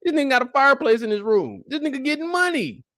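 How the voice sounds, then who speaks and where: A young man giving a casual live recap of a TV episode, talking in animated, slangy, profane banter. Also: extremely high pitch, fast talker, no room sound, studio quality. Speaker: show recap host.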